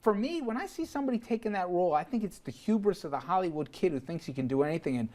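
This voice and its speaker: A man's voice: high voice, lively intonation, rapid-fire, a little mellow. A man hosting a television talk show, leading a casual panel discussion with lots of fillers and easy laughter. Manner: conversational, laughs easily, many fillers.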